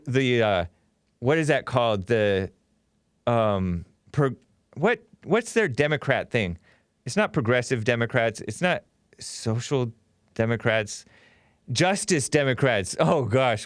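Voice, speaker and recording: A man's voice: medium pitch, dry recording, studio quality. Sarcastic male talk show host. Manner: sarcastic, mocking, laughs often, rambling asides. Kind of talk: opinionated commentary show.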